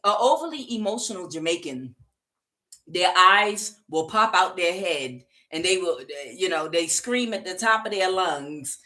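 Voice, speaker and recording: A woman's voice: on the low side, expressive, a little slow, sharp tone. A woman giving a casual tarot reading, chatty and rambling, with frequent fillers and laughter. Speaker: tarot reader.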